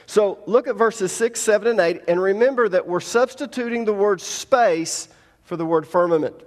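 A man's voice: sits high, moderate pace, in a large hall. A man teaching a Bible lesson to a congregation, explaining each point plainly and step by step. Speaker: pastor.

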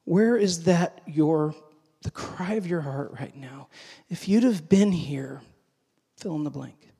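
Preacher in an echoing hall. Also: male voice, on the high side, slow, creaky, breathy edge. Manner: dramatic, swings between hushed and emphatic. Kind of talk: sermon. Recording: long hall reverb.

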